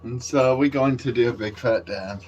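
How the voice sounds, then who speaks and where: A man's voice: medium pitch, moderate pace, darkish tone, highs cut off, a little hiss or hum. A man vlogging outdoors near a construction site, rambling wryly and cursing freely into a handheld camera. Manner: profane, rambling and wry. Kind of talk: casual rambling monologue to camera.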